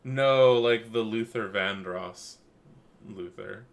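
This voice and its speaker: A man co-hosting a casual podcast chat, crude and jokey, with sudden loud bursts of silly voices. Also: on the low side, takes it slowly. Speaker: podcast co-host.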